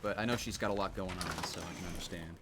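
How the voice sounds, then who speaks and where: A man's voice: low-pitched, fast, heavy background noise. A man streaming his own game mod, chatting casually and mocking himself as he plays. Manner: rambling, self-mocking, laughs at himself. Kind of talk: casual commentary over gameplay.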